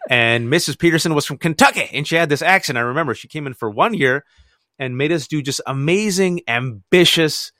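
A man in his forties from the United States, telling childhood stories as an interview guest, lively and acting out family members' voices. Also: a little fast, no echo, clean studio sound. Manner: lively, acts out family voices with big jumps in pitch. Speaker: guest author. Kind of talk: animated storytelling in an interview.

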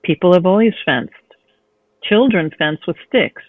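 A man's voice: sits high, a little slow, no echo. A woman reading as a coaxing male fencing coach. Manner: smooth, encouraging, gently insistent. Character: courtly adult male fencing instructor, coaxing. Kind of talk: read-aloud novel excerpt. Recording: tinny phone-line sound, dry.

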